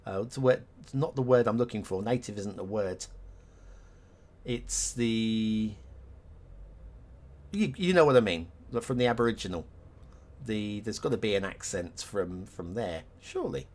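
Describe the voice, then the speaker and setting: A man's voice: lowish voice, a little slow, long pauses, darkish tone. A man streaming a city-building game live, chatting casually with viewers, thinking aloud and laughing often; English is not his first language.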